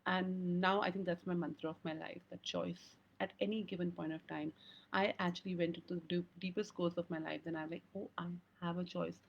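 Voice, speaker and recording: A woman's voice: on the low side, steady tone, fairly quick, vocal fry, slight background noise. A woman hosting a live-stream talk on emotional wellbeing, earnest and rambling, often breaking into laughter. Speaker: host. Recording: dull lo-fi sound.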